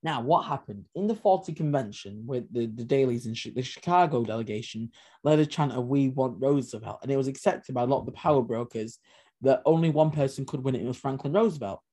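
A man's voice: medium pitch, quick pace, mellow. A man co-hosting a history podcast, talking animatedly with sarcastic asides. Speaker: podcast co-host. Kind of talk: casual history podcast discussion.

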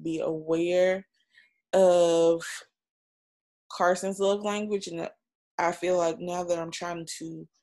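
A chatty woman in her thirties talks openly on a home podcast about being a mother. She swears now and then, and her voice sits somewhat low for a woman. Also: a little mellow. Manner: chatty, emotional, swears casually. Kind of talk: casual podcast chat.

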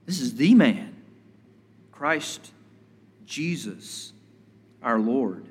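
A man preaching a sermon as a pastor, measured and deliberate, building emphasis through repetition. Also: mid-range voice, lively intonation, husky, big-room sound.

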